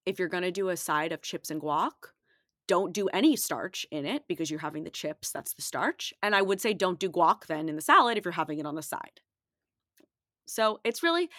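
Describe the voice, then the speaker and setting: A woman's voice: lowish voice, sharp tone, dry recording, studio quality. A woman dietitian hosting her own show, chatting emphatically and casually while rattling off numbers. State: out of breath. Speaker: dietitian podcast host. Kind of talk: casual solo talk.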